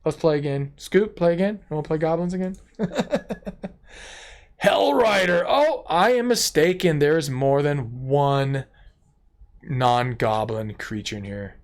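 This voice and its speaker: A man giving casual card-by-card commentary on a card game deck, excitable and gushing with exclamations. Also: a little high, measured pace.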